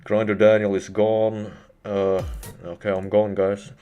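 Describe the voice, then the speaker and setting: A man live-streaming, chatting casually with his viewers, excitable and constantly swearing. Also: on the low side, measured pace.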